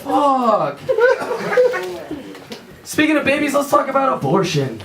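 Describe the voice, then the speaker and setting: A young man performing a crude stand-up comedy set on a theater stage, telling loose stories and switching into quick voices for his friends. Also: very high-pitched, big pitch swings, far from the mic, very noisy. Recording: echoey room, mic heard from afar. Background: audience laughter.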